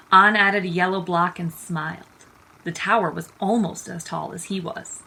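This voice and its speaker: A woman teacher reading a children's picture book aloud, expressive and unhurried. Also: fairly low pitch, creaky, a little hiss or hum, poor audio. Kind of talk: storytime read-aloud.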